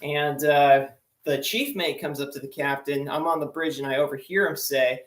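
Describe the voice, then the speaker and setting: A man's voice: a little high, steady tone, moderate pace, fairly bright tone. A young man telling rambling sea-story jokes as a stand-up comedian, with lots of fillers. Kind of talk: joke-telling sea stories. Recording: echoey room.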